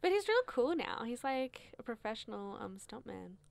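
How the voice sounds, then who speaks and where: A woman's voice: fairly high pitch, very animated, normal speed, creaky, a crowd in the background. A young woman co-hosting a podcast, teasing and laughing in upbeat casual chat. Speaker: podcast co-host.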